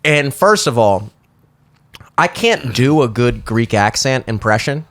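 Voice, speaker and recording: A man's voice: mid-range voice, animated, measured pace, fairly bright tone. A man with a Baltimore accent hosting a podcast, rambling and swearing casually with lots of restarts. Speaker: podcast host. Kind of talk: casual chat. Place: studio.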